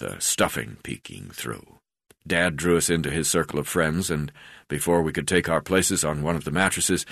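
A man reading his own memoir aloud in a steady pace, with frequent hesitation fillers. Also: low-pitched, no echo, clean studio sound. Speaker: memoir narrator.

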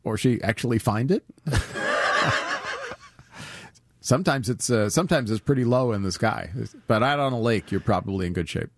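A man's voice: mid-range voice, lively intonation, moderate pace, pauses often. An older man, an astronomy expert guest on a radio show, explaining thoughtfully with some hesitation. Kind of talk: radio interview answers. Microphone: studio microphone.

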